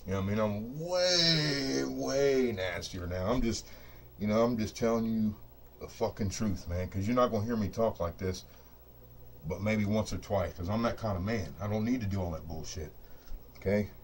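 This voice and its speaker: A man's voice: on the low side, brisk, a little mellow, slight background noise. A middle-aged man hosting a craps video, ranting casually and profanely to camera in his home studio, boastful and fired up and leaning on "you know what I mean". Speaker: craps dice-control video host. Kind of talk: casual unscripted rant to camera. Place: home studio set up for dice rolling.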